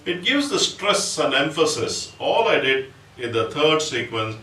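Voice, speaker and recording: A man with an Indian English accent teaching percussion, explaining step by step and reciting drum syllables slowly. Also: fairly high pitch, sing-song, pushed and bright, faint music behind. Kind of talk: music lesson with spoken rhythm syllables. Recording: roomy, distant mic, audible background noise.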